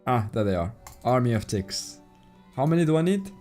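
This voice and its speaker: Mellow, chatty male game streamer. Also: mid-range voice, normal speed, faint music behind. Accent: non-native English accent. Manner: chatty, relaxed, reads and thanks viewers' chat aloud. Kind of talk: casual live-stream commentary while playing.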